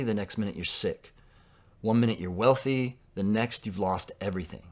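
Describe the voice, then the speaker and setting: A man from Southern California preaching a sermon in a conversational way, dropping to a hush for quoted lines. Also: fairly low pitch. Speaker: pastor.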